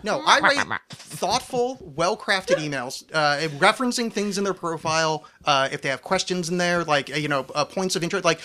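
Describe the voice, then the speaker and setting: Bright kinda high guy hosting a podcast, rambly and jokey. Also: lively intonation, moderate pace. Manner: rambling, joking, full of restarts. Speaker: podcast host. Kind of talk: casual chat. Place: small podcast studio.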